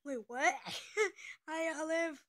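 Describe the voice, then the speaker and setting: A woman's voice: high voice, fairly even intonation, takes it slowly, fairly bright tone. A young female speaker who says she is twelve, chatting casually and giggling often as she hops between topics. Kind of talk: casual chat on a call.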